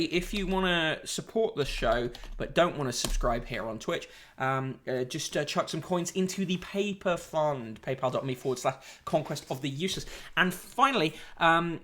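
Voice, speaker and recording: A man's voice: on the high side, a bit bright. A man hosting a casual live-streamed newspaper review, sardonic and rambling, with lots of ums and uhs. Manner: sardonic, rambling, with frequent fillers. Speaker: host.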